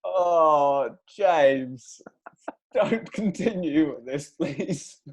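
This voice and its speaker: A young man with a fairly high voice, chatting on a podcast. He tells a story with his co-host and chuckles often, in a relaxed, informal way. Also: very slow. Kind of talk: casual chat.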